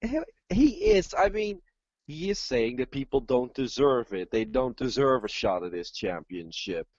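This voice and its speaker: A man's voice: mid-range voice, expressive, measured pace, no room sound, muffled recording. Playful man doing wrestling color commentary. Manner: playful, jokey.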